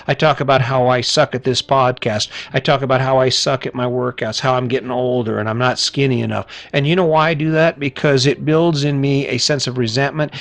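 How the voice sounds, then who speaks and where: A man's voice: mid-range voice, a bit bright. Blunt middle-aged man giving a pep talk. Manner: blunt, swears casually, asks rhetorical questions. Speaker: podcast host. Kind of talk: motivational monologue.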